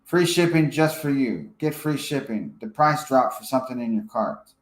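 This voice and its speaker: A man giving a casual screen-share software tutorial, thinking aloud as he edits and checking in with "okay?". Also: mid-range voice, animated, normal speed, reverberant, low-quality recording. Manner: casual, thinks aloud while editing, frequent fillers and "okay?" check-ins. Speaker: software trainer.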